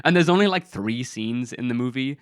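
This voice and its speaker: A man's voice: mid-range voice, lively intonation, brisk, smooth, dry recording, studio quality. Rambling man reviewing a film. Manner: rambling, incredulous, many "like" fillers. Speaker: film review video creator. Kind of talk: casual film commentary.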